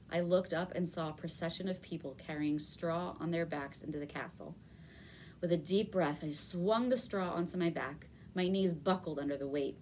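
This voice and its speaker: Brief: low-voiced woman reading a kids' book aloud, faint background hiss. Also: normal speed. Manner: expressive storytelling. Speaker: reader. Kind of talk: reading a children's novel aloud.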